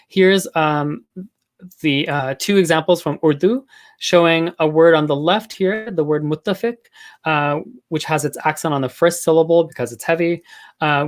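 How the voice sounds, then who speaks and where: Casual male linguistics lecturer. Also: on the high side. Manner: casual, explanatory, with frequent filler words and restarts. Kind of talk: academic talk.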